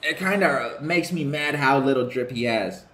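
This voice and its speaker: A young man giving casual, excitable gameplay commentary while playing a football video game, swearing, joking and shouting at the screen. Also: mid-range voice, moderate pace, slight background noise. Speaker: gaming streamer.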